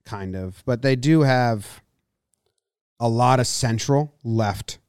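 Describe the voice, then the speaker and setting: A man's voice: medium pitch, slow pace, darkish tone, clear, resonant tone, no room sound, studio quality. A man co-hosting a casual sports podcast, joking around and breaking into goofy voices. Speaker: podcast co-host.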